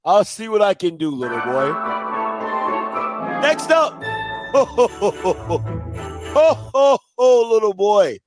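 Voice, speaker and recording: A jolly mall Santa, played by a man who keeps ho-ho-ing and laughing. His voice sits high and swoops wildly while he speaks slowly. Faint music plays behind him. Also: big pitch swings, full character voice. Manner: ho-ho-ing, cracking up. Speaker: host. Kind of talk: comedy skit.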